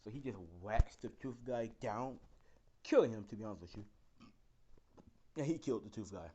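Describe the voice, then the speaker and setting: A man's voice: on the low side, expressive, normal speed, dark tone, slight background noise, low-quality recording. Rambling young man telling a story. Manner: rambling, full of fillers and swearing. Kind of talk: casual improvised fan-story narration.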